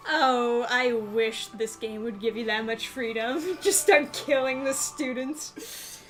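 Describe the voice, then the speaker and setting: An excitable woman joking and laughing as she plays a video game, in a fairly high voice. Steady background noise sits under her voice. She talks casually and reacts loudly. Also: slow pace. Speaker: gameplay commentator. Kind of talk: casual let's-play chat.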